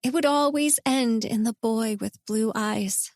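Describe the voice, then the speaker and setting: A woman reads a first-person romance audiobook in a slow, measured, intimate manner. Her voice sits a little higher than most. The recording is dry and close. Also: a little mellow, no room sound. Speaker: audiobook narrator.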